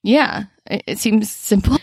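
A woman's voice: mid-range voice, expressive, measured pace, creaky, darkish tone, husky, no echo. A woman with a Midwestern accent chats on a podcast, laughing often and poking fun at herself. Her voice sits mid-range and sounds dry and close to the mic. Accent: Midwestern American. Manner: laughs often, self-mocking. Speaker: podcast co-host. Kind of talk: casual chat.

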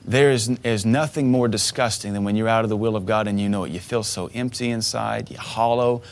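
A man's voice: lowish voice, steady tone, fairly quick. A man in his thirties preaching a sermon, earnest and emotional, often restarting his words as he tells a personal story. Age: 30s. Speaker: pastor.

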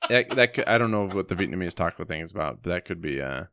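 A man's voice: deep voice, expressive, fast talker, fairly bright tone, smooth, dry recording. A man co-hosting a casual sports podcast, making dry jokes between his points. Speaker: podcast co-host.

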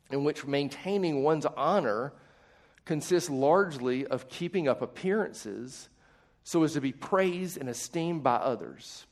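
A man's voice: a little high, darkish tone. A man preaching a conversational sermon to a live congregation, casual and self-deprecating, often asking his listeners questions. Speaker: pastor.

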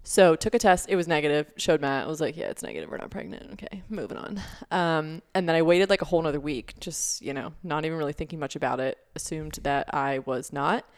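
A woman's voice: deep voice, fairly even intonation, fairly quick, few pauses, smooth. A young woman co-hosting a podcast, telling a story in a chatty way with lots of fillers. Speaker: podcast co-host. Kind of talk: casual chat.

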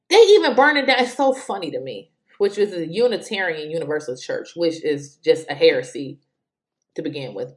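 A woman speaking in who has school-age kids, giving fiery, exasperated political commentary and repeating words for emphasis. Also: sits high. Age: adult with school-age children.

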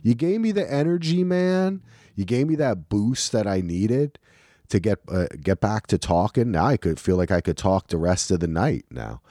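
A man's voice: on the low side, lively intonation, moderate pace, mellow, dry recording, studio quality. A man from New Jersey hosting a podcast, joking and thanking his guest in casual chat. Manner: playful, joking sign-off banter. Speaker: podcast host.

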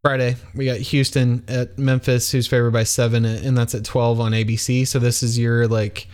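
A man's voice: medium pitch, little pitch movement, moderate pace, a little mellow, smooth. Casting: man, podcast co-host, loose and rambling, full of fillers. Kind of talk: casual sports chat.

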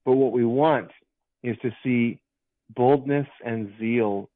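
A man's voice: medium pitch, slow, dry recording. A man, a pastor, speaking as a guest on a radio show in an encouraging, preacherly way. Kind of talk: casual radio conversation. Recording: tinny phone line.

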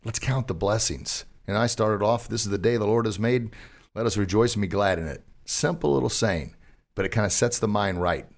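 A man hosts a motivational podcast in a low, gravelly voice. He talks in an upbeat, casual way and keeps turning to his listeners as folks. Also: fairly quick. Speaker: podcast host.

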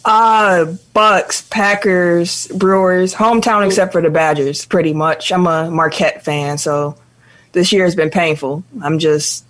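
A man co-hosting a casual sports podcast, easygoing and quick to laugh. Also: high voice, steady tone, fairly bright tone. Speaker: podcast co-host.

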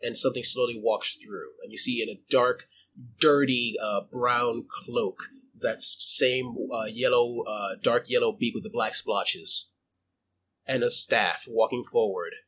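Bright-voiced male game master. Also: medium pitch, steady tone, a little hiss or hum. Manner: halting, full of fillers and restarts. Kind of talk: narrating a tabletop game.

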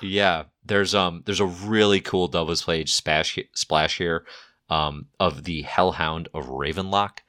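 Deep voiced guy with a bright edge, excited casual podcast chat, laughs a lot. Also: slow. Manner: enthusiastic, laughs often. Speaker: podcast co-host discussing comics.

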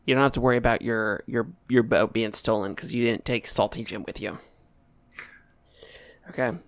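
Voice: medium pitch, steady tone, no echo. A game master narrating a tabletop game, often restarting sentences as the thoughts come. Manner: halting, restarts, quick asides.

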